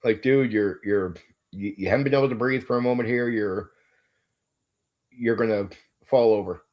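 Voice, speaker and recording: On his own channel, a game master speaks in a lowish voice at a moderate pace, and the audio sounds dull. His monologue about running tabletop games is blunt and emphatic, full of swearing and laid-back "like, dude" fillers.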